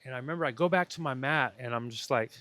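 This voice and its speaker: A young man, a podcast guest and breathwork facilitator, telling a deeply personal story in a casual interview, earnest and swearing now and then. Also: fast talker, pushed and bright, no echo. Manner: earnest, swears casually, acts out his own inner voice.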